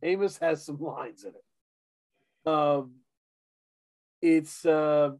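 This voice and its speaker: A man's voice: on the high side, drawn-out words, long pauses, darkish tone, no echo. Enthusiastic man, dry close mic. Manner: enthusiastic, lots of fillers and restarts. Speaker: podcast co-host reviewing an album. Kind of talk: casual chat.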